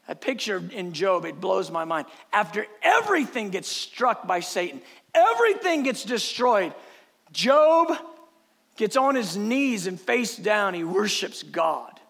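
A man preaching a passionate sermon, swinging between shouting and hushed, lowered speech. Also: sing-song, unhurried, creaky.

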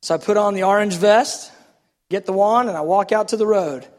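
Guy preacher telling a story from the pulpit, kinda high voice, lively and self-mocking, big echoey church sound. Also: brisk. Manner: animated, self-deprecating storytelling. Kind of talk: sermon storytelling. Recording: echoey hall reverb.

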